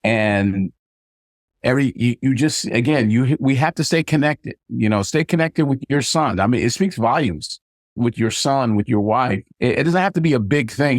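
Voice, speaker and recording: A man's voice: mid-range voice, moderate pace, no room sound, studio quality. An older man, a retired army sergeant major, being interviewed and telling family stories, acting out the dialogue. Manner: animated storyteller acting out quoted dialogue. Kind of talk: casual storytelling interview.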